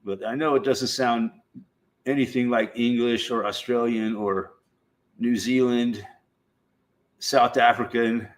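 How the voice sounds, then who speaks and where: Slow-talking laid-back man, rambling chat. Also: mid-range voice, fairly even intonation. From United States. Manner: swearing, laughs often, drawn-out slow talk. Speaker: livestream host.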